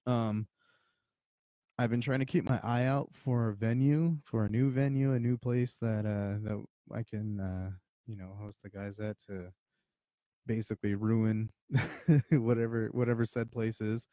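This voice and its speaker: A man's voice: fairly low pitch, steady tone, measured pace, mellow, no room sound. A slightly drunk man hosting a podcast, rambling and swearing in casual chat. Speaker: podcast host.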